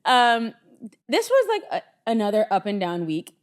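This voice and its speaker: A woman's voice: mid-range voice, wildly swooping pitch, normal speed, clean tone. A woman co-hosting a podcast in casual chat, talking in a chatty storytelling way and laughing often. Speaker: podcast co-host.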